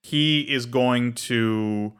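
A man's voice: medium pitch, fairly bright tone, smooth. A man running a tabletop game as game master, narrating playfully over background music. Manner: playful, doing quick character voices.

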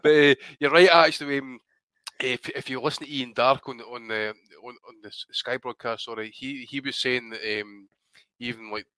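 A man's voice: mid-range voice, fairly even intonation, moderate pace, sharp tone, clear, resonant tone, no room sound. A man chatting casually about boxing on a podcast, swearing freely and laughing through his banter. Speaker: podcast co-host.

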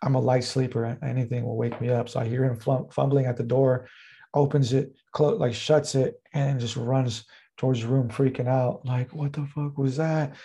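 Man, podcast guest, gravelly voice, rambling casual storytelling, lots of fillers. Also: mid-range voice, level tone, normal speed, mellow. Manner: rambling, heavy use of fillers like "like" and "uh".

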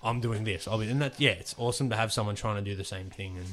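A man's voice: fairly low pitch, very fast, fairly bright tone, slight background noise. Swearing young Australian man, rambling. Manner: rambling, swears freely, acts out quoted dialogue. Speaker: guest wrestler. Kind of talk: casual podcast chat.

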